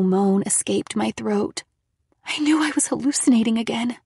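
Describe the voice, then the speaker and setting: A woman's voice: on the high side, moderate pace, creaky, breathy edge, no room sound, clean studio sound. A woman reading a first-person horror audiobook in a dramatic manner. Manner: dramatic, shifting into loud frightened shouts for quoted lines. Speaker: audiobook reader.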